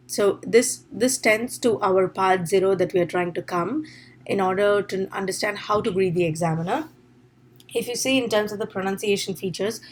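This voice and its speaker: Woman teaching an exam-prep lesson. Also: mid-range voice. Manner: explanatory, repeats "all right?" checks. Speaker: IELTS teacher. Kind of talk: online lesson.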